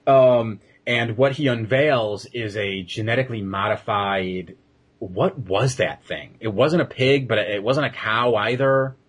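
A man's voice: on the low side, measured pace, breathy edge. A man co-hosting a podcast, retelling an episode in a loose, rambling way with many fillers. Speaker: podcast co-host reviewing episodes. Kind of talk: casual chat.

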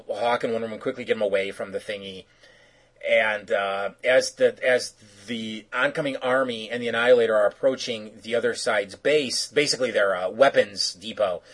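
A man's voice: fairly low pitch, a bit bright, husky, low-quality recording. A man co-hosting a podcast, casually recapping an episode in a rambling, joking way. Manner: rambling, joking, filler-heavy. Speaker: podcast co-host.

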